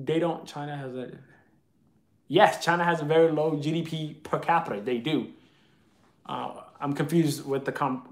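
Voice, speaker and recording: A man's voice: fairly high pitch, a bit bright, echoey room. A man hosting a live video chat, answering viewer comments in an opinionated, argumentative way.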